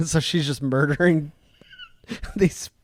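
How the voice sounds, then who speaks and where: A man's voice: a little high, fairly even intonation, takes it slowly. A man co-hosting a podcast, chatting casually with short, wry reactions and dry jokes. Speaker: podcast co-host. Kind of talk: casual chat.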